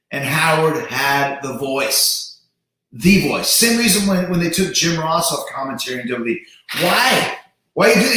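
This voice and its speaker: A man's voice: on the high side, pushed and bright. A man hosting a show, talking in a casual, emphatic monologue with some swearing and repeated words. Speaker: show host. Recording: very echoey room.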